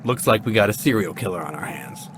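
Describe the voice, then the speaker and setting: A man voices an actor playing a hard-boiled cop, leaning into tough-guy delivery. His pitch moves widely. Noise is clearly heard behind the voice. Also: expressive, quick pace, natural voice. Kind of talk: audio drama acting.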